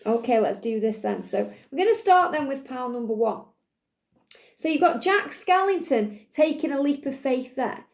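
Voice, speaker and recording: A woman's voice: sits high, a little mellow, reverberant. A woman doing a guided card reading for viewers, speaking in a soothing, repetitive way and addressing the listener directly. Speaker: tarot card reader.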